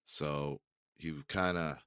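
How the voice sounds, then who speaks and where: A man's voice: extremely low pitch, fairly even intonation, takes it slowly, a bit bright, clean tone, no echo. A man narrating as game master in a loose, swearing, laugh-prone way, recorded on a dull lo-fi mic.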